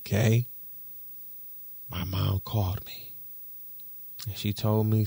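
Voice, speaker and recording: A man from Detroit, co-hosting a podcast, telling a story in an animated, profane way and repeating himself for emphasis. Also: lowish voice, slow pace, gravelly, long pauses, husky, no room sound. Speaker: podcast co-host. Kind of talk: casual chat.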